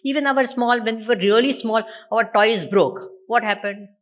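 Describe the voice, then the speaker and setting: A woman's voice: on the high side, moderate pace, lo-fi sound. A woman with an Indian English accent giving a Vedanta discourse, repeatedly putting questions to her listeners. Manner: asks the audience repeated rhetorical questions. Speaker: spiritual teacher.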